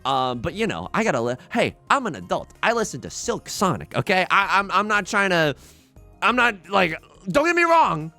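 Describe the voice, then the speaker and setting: Excitable rambling man gaming. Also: high voice, normal speed, faint music behind. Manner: rambling, self-mocking, excitable, many restarts. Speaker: let's play host. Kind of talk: casual gaming commentary.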